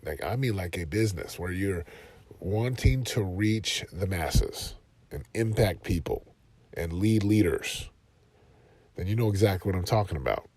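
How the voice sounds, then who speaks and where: A husky, fairly low-voiced man hosts a motivational podcast, sitting in his car. He talks casually and earnestly, then pushes into loud, fervent emphasis. The sound is close and dry. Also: unhurried, no room sound. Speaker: podcast host and life coach.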